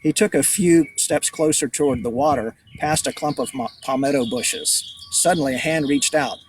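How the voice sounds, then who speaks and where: A man's voice: mid-range voice, moderate pace, few pauses. A man, an author, reading his book aloud to children outdoors, adding casual asides. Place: outdoors among trees by beach. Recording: distant outdoor mic, birdsong noise.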